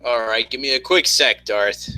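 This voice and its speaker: A man's voice: medium pitch, moderate pace, pushed and bright, faint music behind. A man hosting a casual gaming chat at home, rambling with lots of fillers. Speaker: host. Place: home room with PC.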